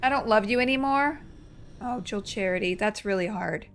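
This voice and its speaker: A woman's voice: medium pitch, moderate pace, fairly bright tone, faint music behind. A woman chatting casually while she streams a video game, telling stories and reacting to the play. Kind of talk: casual chat while gaming.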